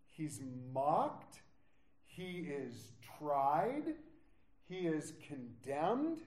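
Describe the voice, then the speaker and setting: A man's voice: high voice, echoey room. A man preaching a sermon, retelling scripture and voicing its characters with growing intensity. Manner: prays softly, then preaches with rising intensity, acting out quoted lines. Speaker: pastor.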